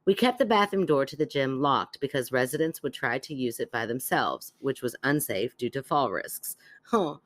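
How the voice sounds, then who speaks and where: A woman's voice: extremely low pitch, animated, normal speed, no room sound. A woman co-hosting a podcast, chatting casually and cold-reading a listener's letter aloud, laughing easily and teasing.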